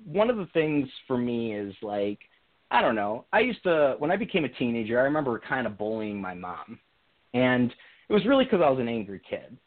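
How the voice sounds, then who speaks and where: Young man, mid-pitched voice, earnest and reflective, frequent restarts, phone-line sound, radio call-in. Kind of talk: casual conversational storytelling.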